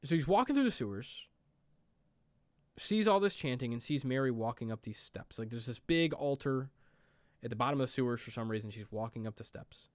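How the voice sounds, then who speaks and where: A man's voice: medium pitch, expressive, fairly quick, no echo. A man casually recapping a movie plot, rambling with lots of "like" and "um". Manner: rambling, fillers like "like" and "um". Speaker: movie reviewer.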